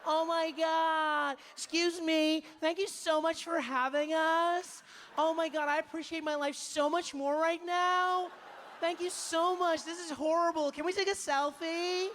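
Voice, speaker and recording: A man voicing an overexcited tourist gushing in a stranger's home, high and breathless. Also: steady tone, unhurried, a bit bright, slight background noise.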